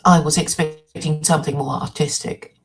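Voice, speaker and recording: A woman's voice: low-pitched, steady tone, moderate pace. A woman co-hosting a livestream, chatting in a wry, casual way. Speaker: co-host. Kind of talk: casual live chat.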